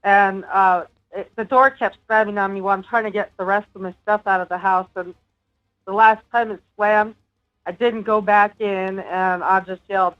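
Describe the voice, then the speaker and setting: A woman's voice: mid-range voice, fairly even intonation, moderate pace. A woman guest telling her own paranormal experiences in an earnest, casual way, with small laughs. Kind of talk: casual interview talk. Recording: dull lo-fi remote audio with faint music.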